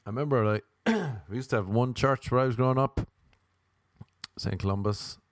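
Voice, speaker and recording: A man's voice: medium pitch, normal speed, no room sound, studio quality. Rambling Irish man doing stand-up. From Ireland. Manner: rambling, repetitive, sardonic asides. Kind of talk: stand-up comedy monologue.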